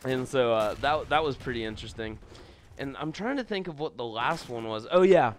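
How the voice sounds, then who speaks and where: Over a slight background hiss, this young gameplay commentator spins loose, meandering stories at a moderate pace. His mid-range voice has a lively lilt, and he curses freely and leans heavily on filler words.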